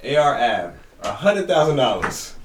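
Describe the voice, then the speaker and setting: A man's voice: mid-range voice, sing-song, moderate pace, recorded from a distance. A man hosting a podcast, telling stories in loose slang with plenty of joking and laughter. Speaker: podcast host. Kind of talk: casual podcast banter. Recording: roomy echo from off the mic, faint noise.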